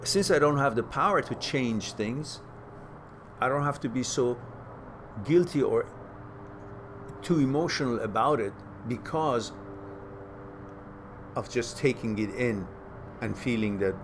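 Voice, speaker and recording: A man hosts a live question-and-answer talk, answering viewers in a casual, plain-spoken way. His voice sits at an ordinary middle pitch but jumps higher and louder when he presses a point, and he often repeats words while he thinks. Faint background noise runs under the recording. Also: measured pace, pauses often.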